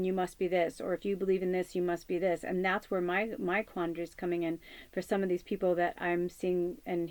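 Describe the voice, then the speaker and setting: A woman's voice: lowish voice, darkish tone, dry recording. A woman in her forties, hosting a spiritual talk show, speaking in an earnest, rambling way with many fillers and restarts. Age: 40s. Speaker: spiritual medium hosting a channel. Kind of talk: casual spiritual chat.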